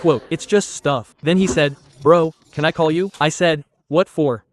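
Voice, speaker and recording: A man's voice: on the high side, measured pace. A man doing stand-up comedy, telling a crude story with acted quotes.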